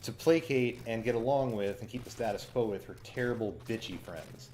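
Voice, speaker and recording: A man casually reviewing a show, chatty and cynical, with frequent fillers, breaking into quick impressions of lines he quotes. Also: medium pitch, darkish tone, soft background music.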